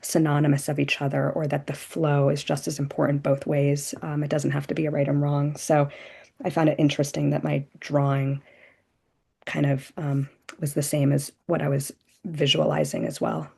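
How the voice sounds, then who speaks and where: Low-voiced woman musing aloud. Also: moderate pace, vocal fry, a little mellow, slightly rough. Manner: reflective, searching, many "like" and "um". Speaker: participant. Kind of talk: sharing in a virtual group call. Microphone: video call.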